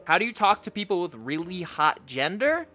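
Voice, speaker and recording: A young man, a content creator, answering fan questions in a casual vlog, joking, swearing and doing silly voices in his stories. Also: moderate pace. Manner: animated, jokey, swears often, does high silly voices in stories.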